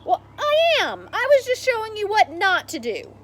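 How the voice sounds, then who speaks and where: Woman doing a schoolboy voice, brash, boastful, high-pitched, storybook reading. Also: huge pitch swings, moderate pace, a bit bright, full character voice. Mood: angry. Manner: brash, taunting. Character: boastful bossy schoolboy kickball star.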